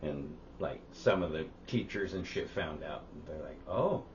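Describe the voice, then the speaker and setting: A man co-hosting a casual podcast, telling stories animatedly and swearing often. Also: a little slow. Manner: animated storyteller, swears a lot, jumps high for quoted voices. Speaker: podcast co-host. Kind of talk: casual chat. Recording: slightly dull audio with faint hiss.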